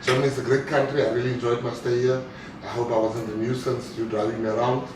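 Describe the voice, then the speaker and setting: A man's voice: medium pitch, flat delivery, quick pace. A South African man giving a live speech to an audience, telling jokes and acting out what others said. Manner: joking storyteller, acts out quotes. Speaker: guest speaker. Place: event hall. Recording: echoey hall, mic far off, noisy.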